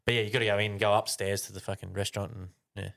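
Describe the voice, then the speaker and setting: Casting: male podcast co-host, lowish voice, loose sweary storyteller. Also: flat delivery, rapid-fire, vocal fry, fairly bright tone. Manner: swears a lot, acts out voices in anecdotes. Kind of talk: casual storytelling chat.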